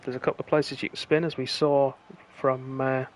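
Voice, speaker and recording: A man leads the commentary on a live online race, calling laps and times in quick play-by-play. His voice sits at an ordinary middle pitch, and he lifts into excited calls as the lap times close up. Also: slight background noise. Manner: brisk play-by-play, rising excitement at close finishes. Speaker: lead commentator. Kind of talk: live sim-racing commentary.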